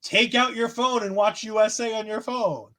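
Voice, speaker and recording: A high-pitched man co-hosting a relaxed chat show. He runs through the evening's events with dry sarcasm and fake outrage. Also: moderate pace. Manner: sarcastic, mock-outraged asides. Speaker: wrestling podcast co-host. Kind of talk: casual chat.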